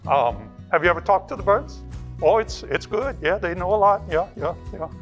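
A man's voice: high-pitched, expressive, normal speed, a bit bright, faint music behind. A man playing a goofy, rambling forest ranger in a children's church video, chatty and bumbling with lots of repeated yeahs. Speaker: children's ministry character.

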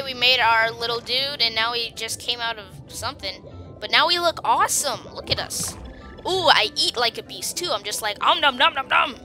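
A woman giving chatty, excitable commentary while playing a video game, often talking to the creatures on screen. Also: fairly high pitch. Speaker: gamer. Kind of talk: let's play gameplay commentary.

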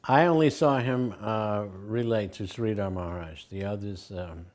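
A man's voice: fairly low pitch, moderate pace, a little mellow. An older man recalling his teacher in an interview, telling anecdotes and acting out the quoted voices with a chuckle.

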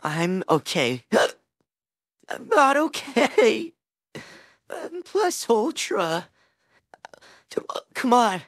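A woman's voice: lowish voice, lively intonation, slow pace, pauses often, dry recording, clean studio sound. A woman voicing a flustered teenage boy hero-in-training, rambling anxiously and talking himself up in a listener role-play. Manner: rambling, anxious, self-encouraging.

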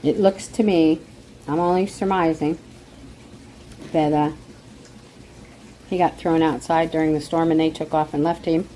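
Middle-aged woman rambling to her phone at home, low mellow voice, emotional and a bit indignant, faint hiss behind. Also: level tone, unhurried, long pauses, low-quality recording. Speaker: vlogger. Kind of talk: casual chat to camera.

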